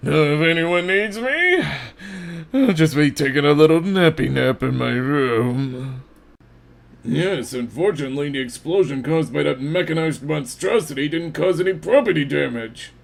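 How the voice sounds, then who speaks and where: A man's voice: a little high, lively intonation, moderate pace, gravelly. A man doing a boozy, pompous schoolteacher. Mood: boisterous. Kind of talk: fan radio play acting.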